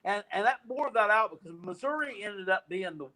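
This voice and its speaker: A man's voice: sits high, animated, fairly quick, sharp tone. A man hosting a casual sports rant, profane and rambling, with frequent restarts and trailing thoughts. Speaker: podcast host.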